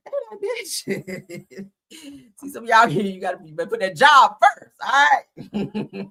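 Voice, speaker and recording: A woman hosts a casual celebrity news show. She reads each story, then cuts in with sassy, profane, sarcastic commentary. Her voice sits fairly high, bright and forceful, and her pitch leaps around animatedly. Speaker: host.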